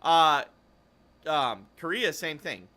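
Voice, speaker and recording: A man's voice: a little high, slow pace, pushed and bright. A man hosting a casual esports podcast, rambling and cutting himself off as he chats. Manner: rambling, self-interrupting, chatty. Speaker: podcast host.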